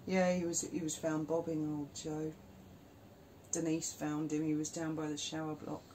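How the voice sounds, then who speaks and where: A woman, chiming in agreeably and gossiping in a relaxed conversation. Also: deep voice, moderate pace, slight background noise. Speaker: co-host. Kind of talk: casual chat.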